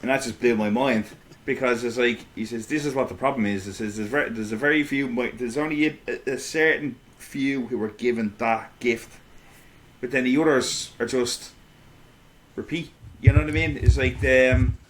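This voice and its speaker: An Irish man chatting as a guest on a call. He talks in a middle register, restarts his sentences often and gets animated as he goes. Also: mid-range voice, moderate pace. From Ireland. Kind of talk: casual conversation.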